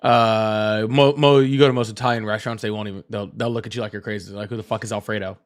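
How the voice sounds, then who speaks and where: A man's voice: lowish voice, steady tone, fast, clear, resonant tone. A man hosting a casual live stream, chatting in a rambling way and greeting viewers between points. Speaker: livestream host.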